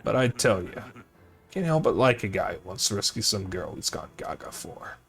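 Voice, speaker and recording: A man voicing a gruff older male mob boss with a put-on old-time gangster accent, reading game dialogue aloud. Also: lowish voice, sing-song, normal speed, fairly bright tone, faint music behind, heavily acted. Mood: commanding.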